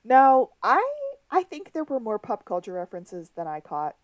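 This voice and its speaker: A woman co-hosting a podcast, recapping a TV episode in casual chat and acting out quick lines from scenes. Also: a little high, big pitch swings, no echo. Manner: chatty, retells scenes with quick quoted lines. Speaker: podcast co-host.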